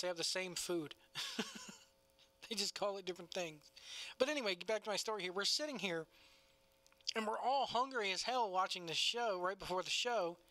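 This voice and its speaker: Male podcast co-host, casual and cussing, quick to laugh, dry close sound. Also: sits high, bright, forceful tone, no echo. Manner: laughs often, loose and cussing. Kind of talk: casual wrestling review chat.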